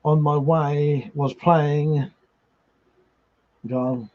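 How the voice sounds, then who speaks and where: A man's voice: on the high side, steady tone, drawn-out words. A drunk man hosts a livestream, chatting casually, reading out viewer comments, swearing freely and laughing often. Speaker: livestream host. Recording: slightly muffled livestream audio.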